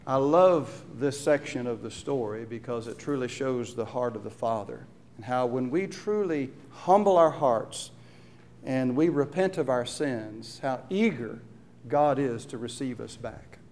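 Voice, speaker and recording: A man preaching on a Bible story, with a middle-pitched voice. He often turns to his listeners with rhetorical questions. He briefly acts out the quoted lines as he tells the story. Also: lively intonation, a little slow, a little mellow, slight background noise. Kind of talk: sermon.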